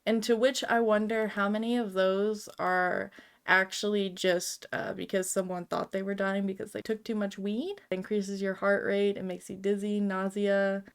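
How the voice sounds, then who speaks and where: A woman's voice: medium pitch, level tone, normal speed, clean tone. A woman giving casual, rambling commentary on memes, with lots of fillers and frequent giggles. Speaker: video creator.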